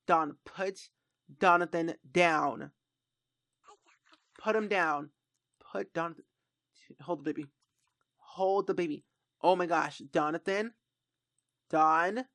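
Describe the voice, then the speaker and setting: A woman streamer narrates a life-sim playthrough in a bright, clear voice. She talks straight to the characters on screen, exasperated and animated, and acts out their drama. The sound is close and dry, with no room around it. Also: on the low side, takes it slowly, pauses often, no room sound. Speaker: gaming streamer. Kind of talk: let's play commentary.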